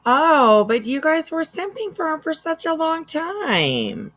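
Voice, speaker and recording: A woman's voice: high-pitched, sing-song, slow, a bit bright. A woman hosting a casual reaction livestream, chatty and laughing often as she reads out chat. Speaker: livestream host.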